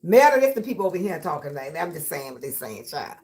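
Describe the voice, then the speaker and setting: A woman hosting a livestream, reading viewer comments aloud and trash-talking back with loud laughter. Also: low-pitched, sing-song, quick pace. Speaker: livestream host reading chat. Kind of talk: casual livestream chat.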